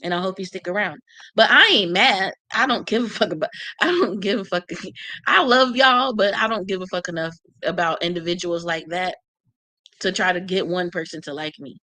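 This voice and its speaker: A woman's voice: lowish voice, normal speed, pushed and bright, no echo. Brash, profane woman on a livestream. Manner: blunt, profane, brash, talks back to commenters. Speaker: channel host reading live comments. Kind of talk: casual livestream chat.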